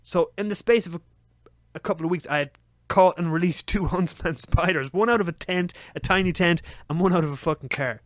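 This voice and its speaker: A young man telling a story on a podcast, swearing freely and acting out his own frantic shouts. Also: high voice, brisk, no echo, clean studio sound. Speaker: podcast co-host. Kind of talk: casual storytelling chat.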